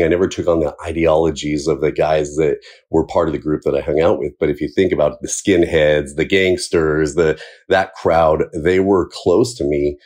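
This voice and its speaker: Deep-voiced man with a husky edge, a firefighter recounting his past plainly and with wry chuckles. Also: darkish tone. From Southern California. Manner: casual and candid, chuckles between points. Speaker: firefighter telling his life story. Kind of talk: personal storytelling.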